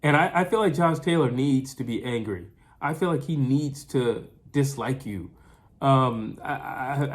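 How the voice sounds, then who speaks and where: A man in a casual recap monologue about a fight, speaking at an ordinary middle pitch. He is animated and repetitive, stacks "I don't understand why" lines, and keeps restarting with fillers. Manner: animated, repeats phrases, many fillers and restarts. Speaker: boxing commentator.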